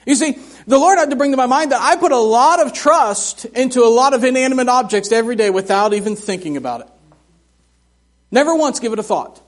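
Man, high-pitched, middle-aged, folksy humorous sermon, church sanctuary. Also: a little fast. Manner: folksy, animated storytelling with humor. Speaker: missionary preacher.

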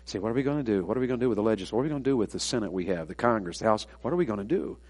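A man preaching a sermon, swinging between loud, emphatic preaching and hushed, confiding storytelling. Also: lowish voice, lively intonation, racing. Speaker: pastor.

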